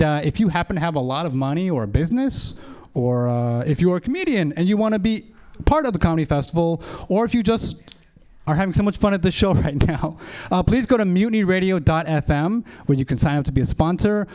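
A man's voice: fairly high pitch, lively intonation, fast, darkish tone. A man in his thirties doing a rambling, self-deprecating stand-up set and hosting a show at a small comedy venue.

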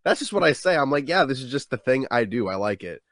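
A man in his twenties, a stand-up comedian, telling stories animatedly in a casual interview with quick restarts. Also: mid-range voice, big pitch swings, a bit bright, no room sound, studio quality.

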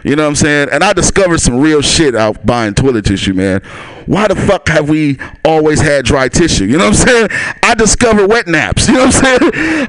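A man's voice: fairly high pitch, very animated, moderate pace, a bit bright, dry recording. A man doing a loose stand-up set at a small club, laughing at his own lines and talking straight to the crowd. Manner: loose, chuckling, talks to the crowd. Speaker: stand-up comic. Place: small comedy club stage.

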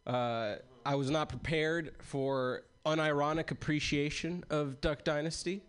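A young man doing stand-up with a dry, measured delivery. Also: on the high side, fairly even intonation, clear, resonant tone. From Egyptian family. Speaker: stand-up comic. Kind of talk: stand-up comedy set.

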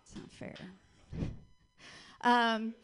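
A woman in her forties from Georgia with a Southern accent, doing a brash, dry stand-up set on a club stage. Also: noisy background. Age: 40s. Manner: dry, brash storytelling with punchline pauses. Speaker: stand-up comedian.

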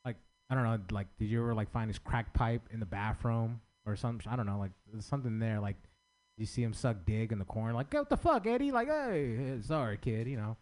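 A man's voice: lowish voice, fairly even intonation, fast, a little mellow. A man giving rambling, profane feedback to a comedian, full of fillers. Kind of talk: casual feedback chat.

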